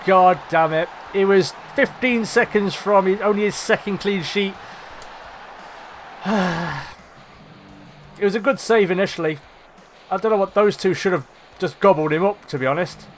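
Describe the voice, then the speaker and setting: A high-voiced young man talks through his game in a casual, chatty way. He gets excitable at the big moments, swears at the misses and laughs at his own slips. Faint music runs quietly behind him. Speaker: gaming commentator. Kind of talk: let's play commentary.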